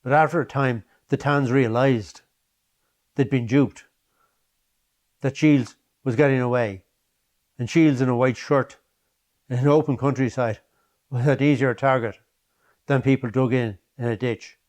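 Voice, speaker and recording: A man narrating a documentary story in measured, short phrases. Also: medium pitch, steady tone, darkish tone.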